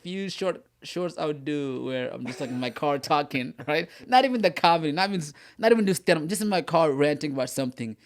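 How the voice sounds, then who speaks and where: A young man from Sudan, a comedian co-host telling animated stories in casual podcast chat, often laughing and restarting his sentences. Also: fairly high pitch, brisk, hardly any pauses.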